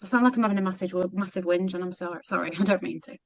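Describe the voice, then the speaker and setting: A woman's voice: on the low side, no echo. A British woman speaks on a group coaching call, exhausted and running in circles. Her talk halts and restarts, and she keeps putting herself down. The sound is dry, with no room around it. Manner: halting, rambling, self-deprecating. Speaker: mentorship member.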